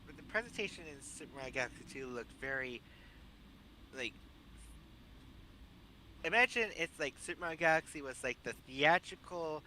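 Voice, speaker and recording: A man's voice: fairly high pitch, animated, normal speed, pauses often, sharp tone, a little hiss or hum, rough recording. A man co-hosting a casual podcast chat, rambling and opinionated with lots of fillers. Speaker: podcast co-host.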